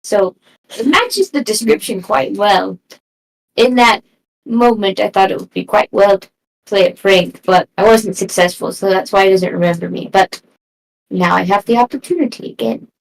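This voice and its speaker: A woman playing a tabletop game tells a story in character at a measured pace, with slightly formal wording. Her voice has a middling pitch for a woman. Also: vocal fry, low-quality recording. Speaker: player.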